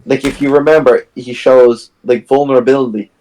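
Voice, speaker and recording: A man co-hosting a podcast retells a film's plot in a casual discussion, animated and acting out its scenes. His voice is medium-pitched at a moderate pace, and the audio quality is poor.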